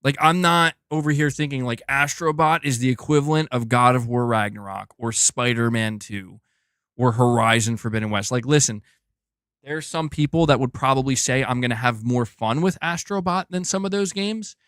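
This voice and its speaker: A male gaming livestream host chats casually and excitably as he reads out viewer messages. His voice is mid-pitched and sounds dry and close. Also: normal speed, smooth, no room sound. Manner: excitable and chatty, often says "dude".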